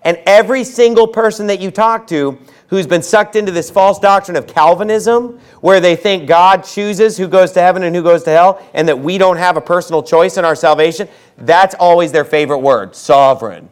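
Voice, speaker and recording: Male preacher, high-pitched, fiery sermon, forceful outbursts, slows on scripture quotes. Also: clear, resonant tone. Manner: forceful preaching, swings from low asides to shouted outbursts. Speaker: pastor.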